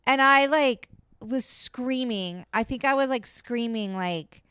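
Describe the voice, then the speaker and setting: A woman's voice: a little high, slow, a bit bright, a little hiss or hum. A woman co-hosting a podcast at home, chatting animatedly with lots of fillers. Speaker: podcast co-host. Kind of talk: casual chat. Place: home, indoors.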